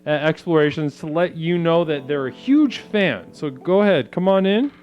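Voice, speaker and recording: A man's voice: on the high side, expressive, moderate pace, darkish tone, highs cut off. A man hosting a comedic call-in show, eager and fawning, stammering as he praises his caller. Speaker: host.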